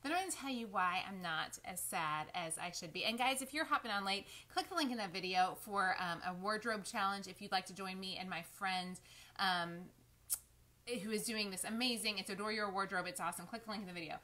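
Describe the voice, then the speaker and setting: A woman's voice: medium pitch, fairly quick. A woman, chatting on a live stream and fighting back tears. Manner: warm, chatty, emotional, addresses viewers as y'all. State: close to tears. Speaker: lifestyle vlogger. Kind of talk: casual live-stream chat.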